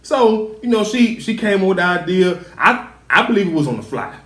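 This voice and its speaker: A man casually recapping a TV episode, chatty and animated as he acts out the characters' lines. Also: high-pitched, normal speed. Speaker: show recap host. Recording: echoey room.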